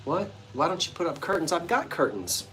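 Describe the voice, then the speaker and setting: A man's voice: on the high side, sing-song, fairly quick, a bit bright, soft background music. A man hosting a casual livestream sale of vintage goods from his front porch, chatting playfully with viewers and greeting them by name. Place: front porch of an old bungalow.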